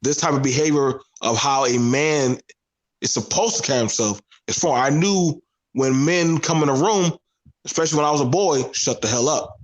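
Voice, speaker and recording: A man's voice: mid-range voice, normal speed, low-quality recording. Southern us guy on a panel, earnest, keeps repeating himself for emphasis. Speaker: panel guest. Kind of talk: casual panel discussion.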